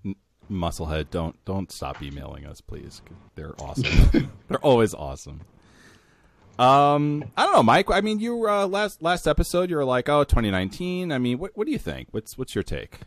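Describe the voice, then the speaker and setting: A man's voice: medium pitch, very animated, normal speed, gravelly. A man hosting a podcast in casual chat, laughing often. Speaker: podcast host.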